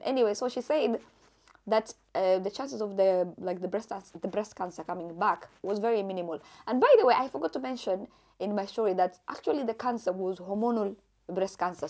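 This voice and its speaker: A young woman from Kenya, chatty and animated, telling her own story to camera in a casual vlog, laughing often. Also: medium pitch, a little fast. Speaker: vlogger.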